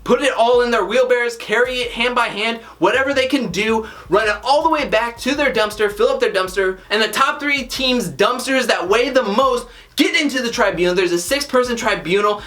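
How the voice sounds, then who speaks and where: A woman's voice: fairly high pitch, a bit bright. A woman casually recapping and reviewing a reality TV episode, chatty and opinionated, often breaking into exasperated rhetorical questions. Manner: chatty, rambling run-on sentences.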